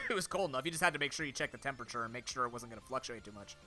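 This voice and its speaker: A man's voice: medium pitch, lively intonation, rapid-fire, bright, forceful tone, faint music behind. A young man with a sore throat, chatting on stream in a rambling, off-the-cuff way, full of fillers and restarts. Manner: talks to chat and friends off-mic. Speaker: streamer and content creator. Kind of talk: casual live-stream chat.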